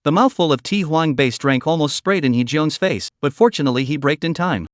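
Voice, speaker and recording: A man reads a story recap aloud in a scripted narration, his pitch sitting a little above the usual male range and moving a lot from phrase to phrase. The voice is close and dry, with no room sound around it. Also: expressive, fairly quick, no echo.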